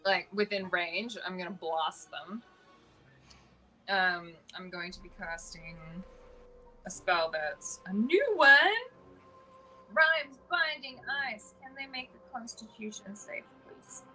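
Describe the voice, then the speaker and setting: An Australian woman chats through a tabletop game, explaining rules in a bright, clear voice. Faint music plays behind her. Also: medium pitch, animated, slow pace, poor audio. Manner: chatty, explaining spell rules. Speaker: player. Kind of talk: casual tabletop game chat.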